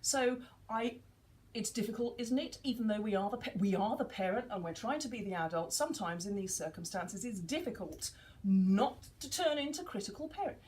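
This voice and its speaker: A woman's voice: medium pitch, fairly quick, rough recording. A woman, giving a casual teaching talk and acting out bits of dialogue. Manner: animated, acts out dialogue in quotes.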